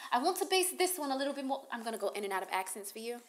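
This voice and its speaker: A woman's voice: fairly high pitch, big pitch swings, rapid-fire. A woman filling in as host of a casual news chat podcast, talking in a bubbly, playful, teasing way. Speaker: fill-in host.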